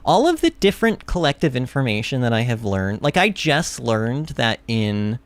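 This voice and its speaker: A woman's voice: extremely low pitch, very animated, moderate pace, dry recording. A woman streaming a video game and chatting casually with her viewers, talking in a bubbly way with lots of fillers and restarts. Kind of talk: casual livestream chat while playing.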